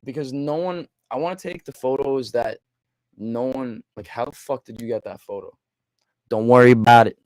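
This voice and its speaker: A young man talks in an excitable, loose way, cursing freely and acting out little quoted exchanges as he goes. His voice sits at an ordinary middle pitch. The sound is dry and close, with no room around it. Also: dry recording. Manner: excitable, swearing, quoting himself in quick asides. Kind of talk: casual chat.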